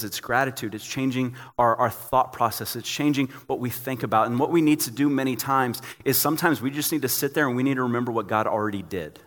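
A young man, a pastor, preaching a sermon in a relaxed, joking, storytelling way. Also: mid-range voice, big-room sound.

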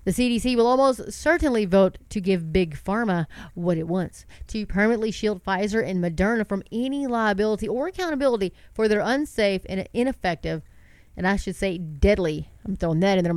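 Middle-aged woman host, stuffy with a cold, smooth clear voice, dry close sound, fervent preachy commentary. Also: mid-range voice, moderate pace, a little mellow, dry recording. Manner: impassioned, talks to her viewers as "folks", rhetorical questions. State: congested from a sinus cold. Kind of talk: preachy casual commentary, reading news aloud.

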